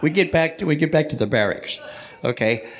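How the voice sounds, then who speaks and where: A man's voice: on the high side, lively intonation, a little fast. An older man, a Navy veteran, telling jokey stories live to an audience in a church hall. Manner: jokey, punchline-driven, chatty with the audience. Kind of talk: joking live storytelling.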